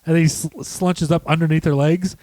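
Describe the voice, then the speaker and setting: A man co-hosting a podcast, chatting casually about a movie, animated and swearing, acting out quotes. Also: on the high side, brisk, no echo. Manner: animated, acts out quotes in shrieking voices, swears. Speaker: podcast co-host. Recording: dry close-miked home studio.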